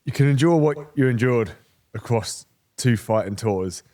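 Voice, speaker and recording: British male podcast host, mid-pitched, easygoing banter with a guest. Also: moderate pace. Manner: relaxed, conversational, plain-spoken banter. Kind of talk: casual interview chat.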